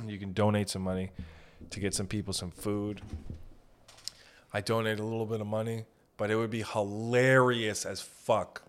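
A man hosting a casual comedy podcast, ranting in a profane, rambling way and laughing often. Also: lowish voice. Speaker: podcast host.

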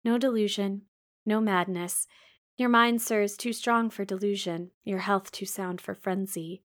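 A woman reading aloud gives voice to a gentle, devoted young woman who speaks softly and earnestly. Her voice is reassuring and sits at a middle pitch. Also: steady tone, unhurried, close to an everyday voice.

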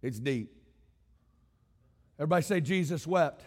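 Impassioned high-voiced male preacher. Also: moderate pace, darkish tone, long reverb tail. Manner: impassioned, repetitive rhetorical build-ups, directs congregation to respond. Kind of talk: sermon. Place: church sanctuary.

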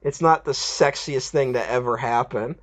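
A man co-hosting a casual film review podcast, animated and profane, slipping into mocking voices of characters. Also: medium pitch, moderate pace.

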